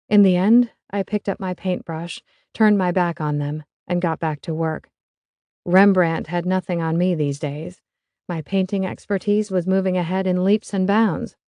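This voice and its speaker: A woman's voice: fairly low pitch, steady tone, normal speed, warm tone, no echo. A woman narrating a first-person romance audiobook in a wry, confiding way.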